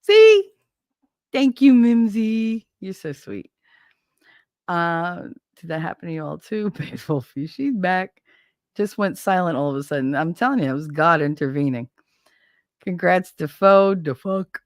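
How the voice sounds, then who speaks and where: A woman's voice: lowish voice, lively intonation, unhurried, dry recording, studio quality. A woman livestreaming on her own channel, chatting casually in a blunt, profane, rambling way. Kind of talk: casual stream chat. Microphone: desk microphone.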